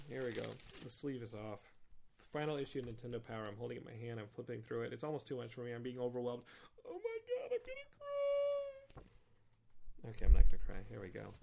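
A man with a gravelly, creaky voice talks casually into a desk mic as the host of his own podcast. He rambles in a nostalgic, self-mocking way. Faint noise and paper crinkling sit under his voice. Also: medium pitch, darkish tone. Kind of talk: casual solo podcast monologue.

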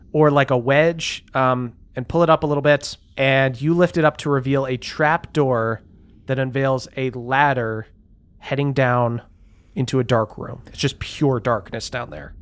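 A man narrating a tabletop game as game master, describing scenes in a relaxed way with lots of "um" and "like". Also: mid-range voice, normal speed, smooth.

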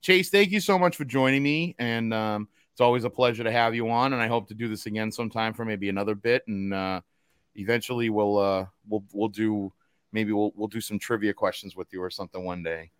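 A man's voice: fairly low pitch, fairly even intonation, a little fast, fairly bright tone, smooth, no room sound, studio quality. A man with a Boston accent hosting a casual podcast, rambling through fillers and restarted sentences. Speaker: podcast host.

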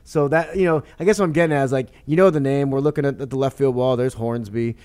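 Man, podcast guest, rambling storyteller, animated, laughs often. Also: mid-range voice, quick pace, smooth. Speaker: author guest.

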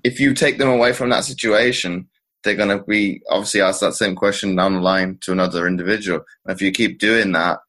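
A man hosting a podcast interview, asking probing questions in a hesitant, slowly built way. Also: deep voice, steady tone, fairly bright tone. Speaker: podcast host.

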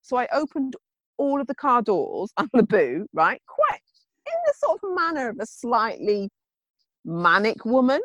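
Woman, podcast co-host, animated storyteller, dry close sound, lively swooping pitch. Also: a little slow, dry recording. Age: adult. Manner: animated storytelling, acting out quotes. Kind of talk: casual chat.

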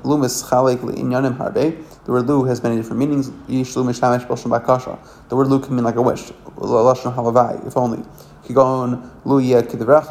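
A man with a gravelly, creaky voice works through a text in a lesson, each phrase and then translating it. He often stops, restarts and corrects himself as he goes. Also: medium pitch, warm tone. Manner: halting, self-correcting, with frequent restarts. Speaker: Torah teacher. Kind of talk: reading and translating a religious text line by line.

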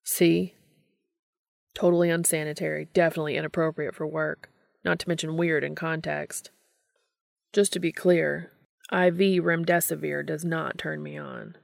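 A woman reading the part of an adult man in a story, speaking low and rough with hesitant fillers. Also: steady tone, normal speed. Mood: flustered. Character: rough-voiced adult man, flustered lover.

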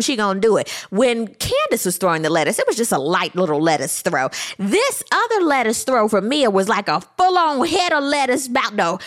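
A woman's voice: a little high, a bit bright. A woman giving a casual, sassy recap, talking through the drama and quoting people with exaggerated flair. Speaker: reality TV recap host.

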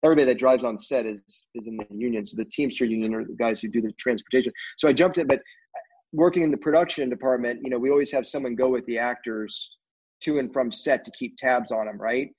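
A middle-aged man spins a casual, meandering story, pausing often on fillers and restarts. His voice sits at an ordinary pitch for a man. The recording is a bit dull and lo-fi. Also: a little mellow, slightly rough. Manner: rambling, heavy on fillers like "you know". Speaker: film crew guest.

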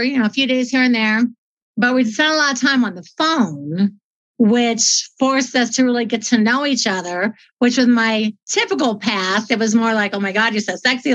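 A woman's voice: fairly high pitch, a bit bright. A middle-aged woman from the United States telling a heartfelt personal faith story in a chatty way, often close to tears. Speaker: guest. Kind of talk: emotional personal testimony. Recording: dull lo-fi audio.

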